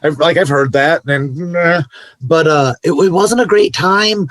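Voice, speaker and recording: A man's voice: fairly high pitch, a little slow, a bit bright, dry recording. A man co-hosting a podcast in casual chat, giving laid-back, opinionated takes with loose asides. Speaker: podcast co-host.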